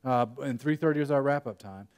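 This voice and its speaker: Here a workshop speaker, a young Texan, delivers a conference breakout talk in a conference room. His medium-pitched voice is smooth, a little mellow, and a bit fast. He chats and tells stories, interrupting himself now and then with laughter.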